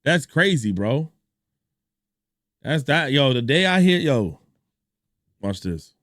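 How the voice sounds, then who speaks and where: A man's voice: medium pitch, slow pace, no room sound. A young man streams his reaction in loose, slangy talk, full of asides and laughter. His voice sits in a middle range and sounds dry and close to the mic. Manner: animated storytelling, slangy, laughs a lot. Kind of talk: casual reaction stream chat.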